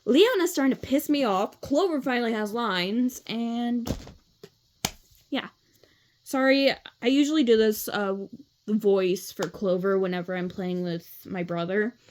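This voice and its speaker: A woman's voice: on the high side, unhurried, darkish tone, slight background noise. A woman casually reading a children's book aloud, swearing now and then and filling with "like". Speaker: reader.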